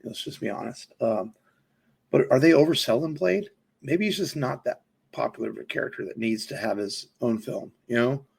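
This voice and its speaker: A man with a gravelly, husky voice talks casually on a podcast. He rambles and circles back with plenty of ums and restarts, at an ordinary pitch. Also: moderate pace, darkish tone. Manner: rambling, many fillers and restarts. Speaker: podcast co-host. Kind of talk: casual film chat.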